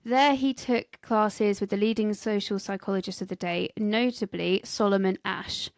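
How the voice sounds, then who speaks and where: A woman's voice: mid-range voice, steady tone, normal speed, dry recording. A British woman co-hosting a history podcast, chatting casually and reading some scripted lines. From Britain. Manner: chatty, giggly, reads scripted bits. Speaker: podcast co-host presenting history. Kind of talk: casual chat.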